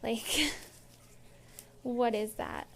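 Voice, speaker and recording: A woman's voice: on the high side, very slow, creaky. A woman vlogger, out of breath, talking casually and exasperated, with many "like"s, while she shows off a plant. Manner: exasperated, says "like" often. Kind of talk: casual ranting review.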